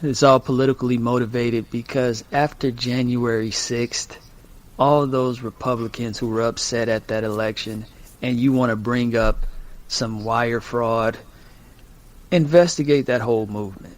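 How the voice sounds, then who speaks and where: A man's voice: medium pitch, steady tone, a little slow. A man co-hosting a talk radio show, arguing his point and repeating himself to break in. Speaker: radio co-host. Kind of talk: casual talk radio debate.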